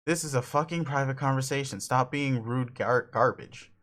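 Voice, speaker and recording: A cranky young troll who curses and bosses everyone around, as a man reads him aloud. He is brusque and impatient, in an ordinary mid-pitched voice. This is a comic read aloud with voices. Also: moderate pace, fairly bright tone, natural voice. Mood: irritated. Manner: brusque, cursing, bossy. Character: angry shouty troll boy leader.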